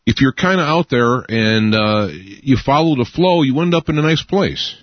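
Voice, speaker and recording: A man's voice: medium pitch, expressive, normal speed, no echo, highs cut off. A man hosting a talk radio show, talking casually with many fillers and restarts.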